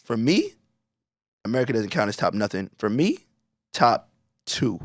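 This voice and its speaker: A man's voice: mid-range voice, big pitch swings, normal speed, no room sound. A young man co-hosting a casual podcast. He talks emphatically and hypes everything up, often cutting in on the others. His voice sounds dry and close. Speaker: podcast co-host.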